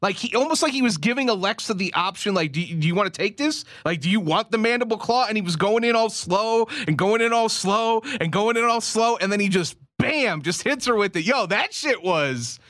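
Radio co-host, male, high voice, dry close studio sound, excitable and chatty. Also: brisk, hardly any pauses, no room sound. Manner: animated, excitable, laughs often. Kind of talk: casual radio sports talk.

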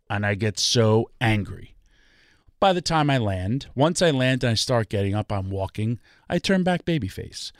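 A man's voice: medium pitch, expressive, normal speed, dry recording, clean studio sound. Fired-up man ranting on a podcast. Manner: fired-up, emphatic, rhetorical questions. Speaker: wrestling podcast guest. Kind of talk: passionate ranting commentary.

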